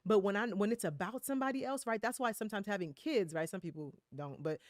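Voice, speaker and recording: A woman's voice: mid-range voice, animated, fast talker, dry recording, studio quality. A woman in a candid conversational interview, speaking reflectively with many fillers and tag questions.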